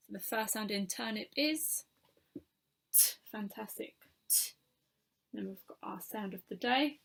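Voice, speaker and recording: Slow, patient woman teacher. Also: on the high side, fairly bright tone. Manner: slow, clear sounding-out of letters; encouraging, patient. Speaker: primary school teacher. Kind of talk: phonics lesson for young children.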